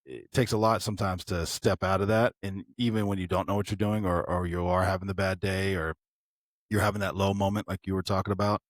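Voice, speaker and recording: A man's voice: sits low, steady tone, brisk, dry recording, studio quality. A man co-hosting a podcast in candid casual chat, talking in an earnest, reflective way with frequent restarts. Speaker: podcast co-host.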